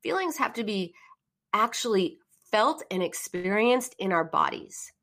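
Earnest middle-aged woman, therapist host, warm encouraging delivery. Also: medium pitch, expressive, measured pace. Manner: earnest and encouraging, acts out emotional phrases. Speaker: therapist hosting a call-in live stream. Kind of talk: casual live-stream advice talk.

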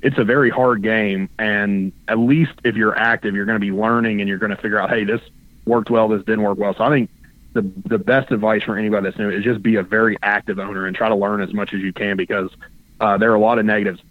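Male phone-in guest, low voice, earnest and a bit hesitant, thin phone-line sound. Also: fairly even intonation, fast talker, dry recording. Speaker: phone-in guest, racing stable owner. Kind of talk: casual interview.

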